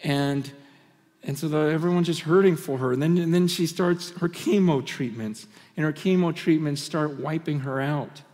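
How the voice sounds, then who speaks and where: A man's voice: on the high side, moderate pace. Impassioned male preacher in a reverberant hall. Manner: impassioned, swinging between loud and hushed; frequent stammered restarts. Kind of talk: conference sermon. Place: conference hall. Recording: long reverb of a large hall.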